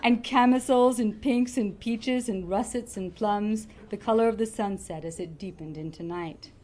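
A woman reading a comic novel aloud in a lively, expressive way. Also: mid-range voice, moderate pace. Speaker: reader.

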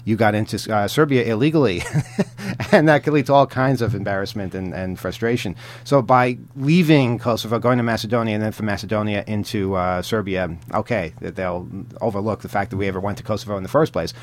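A man with a low-ish voice co-hosts a podcast, speaking fairly quickly. He tells travel stories in casual chat, rambling with many fillers and restarts and chuckling often.

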